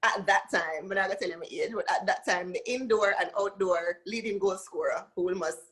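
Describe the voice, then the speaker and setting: A woman's voice: medium pitch, fairly quick, husky. A woman from Jamaica with a Jamaican accent, a singer chatting as a guest and telling stories with acted-out quotes. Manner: animated storytelling, acts out quoted voices. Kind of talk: casual interview chat.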